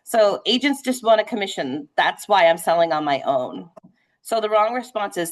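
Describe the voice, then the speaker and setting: A woman real estate trainer leading a live sales training session, talking fast and animated, checking in with "right?" as she goes. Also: mid-range voice. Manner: conversational, frequent "right?" checks.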